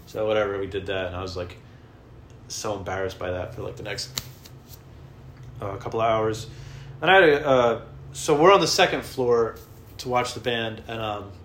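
Man, casual vlogger, rambling and self-mocking, bright tone; roomy recording with faint ambience. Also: lowish voice, normal speed, pauses often, a little hiss or hum. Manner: rambling, profane, self-deprecating. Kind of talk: casual storytelling.

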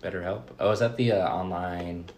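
A man's voice: sits low, fairly even intonation, brisk, darkish tone, reverberant, slight background noise. A young man co-hosting a podcast, chiming in with short, dry wisecracks. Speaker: podcast co-host. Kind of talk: casual chat.

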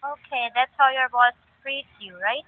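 A woman's voice: high voice, moderate pace, dry recording. A woman working as a call center agent, polite, formal and patient with a rude caller. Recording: tinny phone line.

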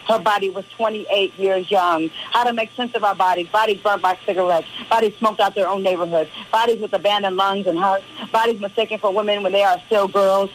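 A woman's voice: mid-range voice, a little hiss or hum, rough recording. A woman poet performing spoken-word poetry with emphatic, rhythmic refrains, then chatting casually in a radio interview. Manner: relaxed and chatty between poems.

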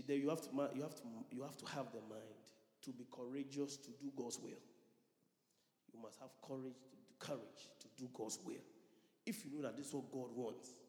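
A man's voice: medium pitch, mellow. A male pastor preaching a sermon, repeating lines for emphasis and calling out to the congregation. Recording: echoey church hall reverb.

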